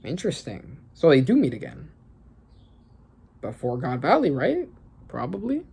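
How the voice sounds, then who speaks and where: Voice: medium pitch, moderate pace, gravelly, husky. A young adult reacting to a new manga chapter in casual commentary, reading panels aloud with gasps, laughs and a lot of fillers. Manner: excitable, gasping and laughing, lots of fillers.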